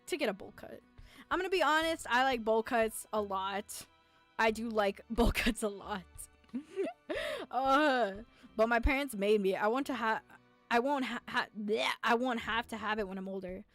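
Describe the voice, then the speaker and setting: With a slightly high voice and no room sound, a woman streamer giggles her way through reading a visual novel, playfully responding to the characters as faint game music plays.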